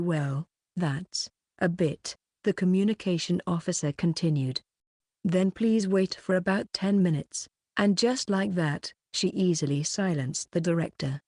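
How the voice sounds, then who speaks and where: A woman with a lowish voice narrates a light novel in a steady, even read. She keeps the dialogue plain rather than acting it out. The recording is close and dry, with no room sound. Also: no room sound. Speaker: audiobook narrator. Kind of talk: scripted narration.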